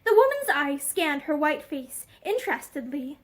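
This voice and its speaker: A woman reads a novel aloud in a steady, expressive voice, indoors in a room with bookshelves. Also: high voice, normal speed. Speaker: narrator.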